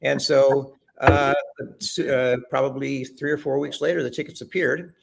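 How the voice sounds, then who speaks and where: A man's voice: medium pitch, fairly even intonation, moderate pace, vocal fry, background noise. An older man, a former chef, telling long rambling stories as a podcast guest, with frequent restarts. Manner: rambling anecdotes with many restarts. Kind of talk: conversational storytelling.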